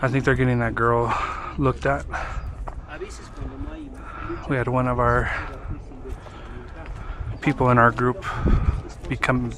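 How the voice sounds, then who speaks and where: A man's voice: medium pitch, flat delivery, slow, long pauses, a crowd in the background. A man walking a hilltop ruin and talking casually to camera, out of breath from the climb and musing aloud as he goes. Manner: breathless, chatty, wondering aloud. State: out of breath at altitude. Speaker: travel vlogger. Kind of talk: casual vlog narration. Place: outdoors at hilltop ruins. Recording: outdoor noise behind the voice.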